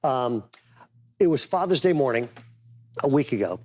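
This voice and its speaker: A man's voice: mid-range voice, expressive, moderate pace, a little mellow. A man preaching a conversational sermon as pastor, telling stories with casual, emphatic asides.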